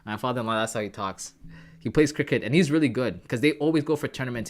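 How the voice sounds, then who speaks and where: A man's voice: medium pitch, fast talker. A man from Canada hosting a trading livestream, chatting casually and calling viewers "bro" and "guys".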